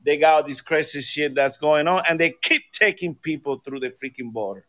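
Higher-voiced guy ranting on a podcast, swears a lot, fired up. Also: fairly quick, a bit bright. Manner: profane, angry ranting. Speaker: podcast co-host. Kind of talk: casual political chat.

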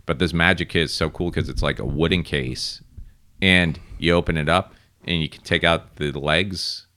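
A man in his thirties, co-hosting a podcast in casual chat and telling animated stories. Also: normal speed, dry recording. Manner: animated storytelling, mimics people in high voices. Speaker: podcast co-host.

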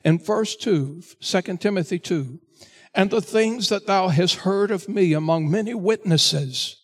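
Man, pastor, sermon, high-pitched, earnest, exhorting. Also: measured pace. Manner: earnest, exhorting, repeats "listen" to the congregation.

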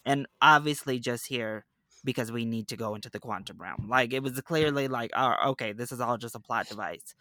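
A man with a bright, forceful voice, talking movies in a blunt, slangy, opinionated way. The sound is dry and close. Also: medium pitch, brisk, no echo. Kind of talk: casual movie chat.

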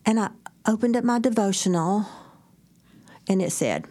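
A middle-aged woman co-hosting a faith talk show, telling stories in an animated way, acting out quotes and laughing often. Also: mid-range voice, moderate pace, pauses often. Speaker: podcast co-host. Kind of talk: faith-based casual chat, storytelling.

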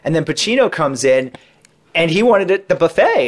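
A man's voice: on the high side, very animated, brisk. A man on a podcast, chatting casually as a guest and telling long stories about interviews he has done, with lots of asides. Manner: chatty, rambling, many asides. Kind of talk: casual anecdotal storytelling.

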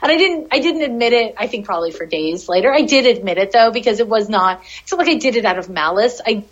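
A woman spins a rambling tale in easygoing chat, laughing and swearing as she goes. Her voice sits a little high, and the recording has a dull, lo-fi sound. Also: lively intonation, fast. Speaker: podcast guest, animal communicator. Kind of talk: casual storytelling. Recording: dull lo-fi audio.

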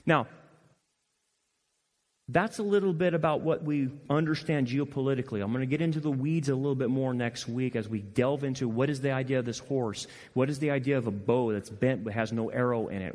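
Animated male pastor preaching in a hall. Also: mid-range voice. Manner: impassioned, animated preaching with direct address. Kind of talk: sermon. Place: church sanctuary.

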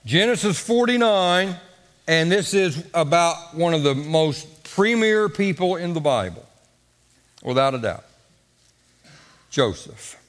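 A man's voice: a little high, lively intonation, takes it slowly, long pauses, long reverb tail. A man preaching a sermon, leading call-and-response and drawing out his phrases for drama. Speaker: pastor.

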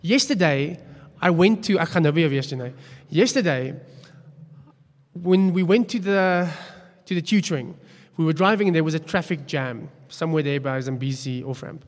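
A man's voice: on the high side, moderate pace. A man preaching a sermon, telling a story in a chatty, self-deprecating way. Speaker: pastor. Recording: long hall reverb.

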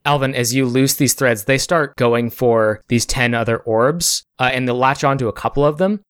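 A man running a tabletop game, narrating scenes in a calm, descriptive way. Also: mid-range voice, normal speed, clean tone, dry recording, clean studio sound. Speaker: game master.

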